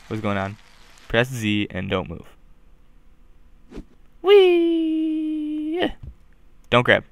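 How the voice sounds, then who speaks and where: A man doing goofy let's play commentary, joking along and bursting into loud yelps. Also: fairly low pitch, steady tone, normal speed, vocal fry, slight background noise. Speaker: gaming commentator.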